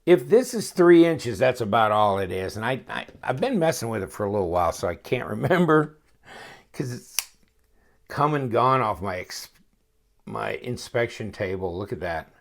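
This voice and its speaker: A man's voice: lowish voice, expressive, normal speed. A man reviewing a knife in a casual unboxing chat, rambling and thinking aloud with wry, joking asides. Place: home, at his inspection table.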